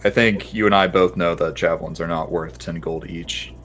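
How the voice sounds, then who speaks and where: A man playing a tabletop character, speaking in measured, earnest in-character lines. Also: deep voice, fairly even intonation, fairly bright tone. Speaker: player. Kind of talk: in-character tabletop role-play.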